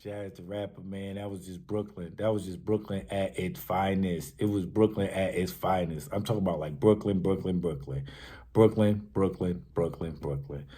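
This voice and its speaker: A man hosting a podcast, giving casual, hyped-up commentary on battle rap that swings from shouts to murmurs. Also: low-pitched, steady tone, normal speed, husky. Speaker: podcast host.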